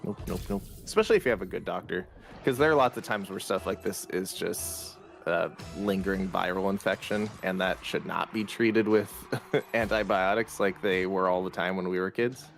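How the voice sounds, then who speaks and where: A man co-hosting a gaming show, a doctor who explains things in a relaxed, casual way. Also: sits low, moderate pace, creaky, soft background music. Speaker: co-host, a doctor. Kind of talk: casual livestream chat.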